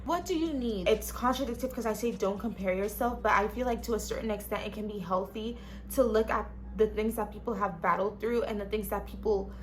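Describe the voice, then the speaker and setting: A woman's voice: mid-range voice, brisk, a little hiss or hum. Chatty young woman vlogger, frank. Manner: chatty, frank, swears casually, talks straight to viewers. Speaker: lifestyle vlogger. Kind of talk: casual self-help vlog talk. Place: small cluttered studio apartment.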